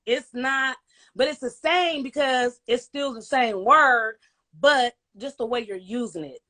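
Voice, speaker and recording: A woman chatting as a podcast guest, expressive and quick with her asides. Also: fairly high pitch. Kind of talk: casual podcast chat.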